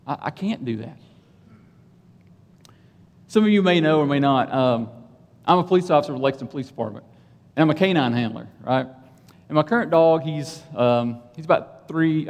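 Man preaching through a personal anecdote, lively pitch, echoing hall. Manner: animated, conversational, keeps asking "right?". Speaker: police officer and church speaker. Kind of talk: sermon storytelling.

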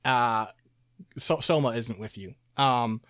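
A man's voice: mid-range voice, a bit bright, no echo, clean studio sound. Rambling man recapping a game plot. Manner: rambling, laughing, quoting characters in quick asides. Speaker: podcast co-host recapping a game. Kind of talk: casual chat.

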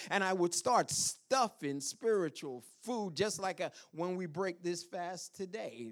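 A pastor preaching a chapel sermon, calling out to the congregation and dropping into quiet whispered asides. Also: male voice, high-pitched, takes it slowly, few pauses. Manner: animated preaching with call-and-response "Amen?".

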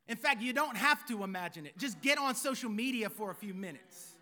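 A man's voice: very high voice, expressive, normal speed, few pauses, sharp tone. A man preaching a sermon as pastor, with a theatrical delivery from his years on stage. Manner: theatrical, former stage performer.

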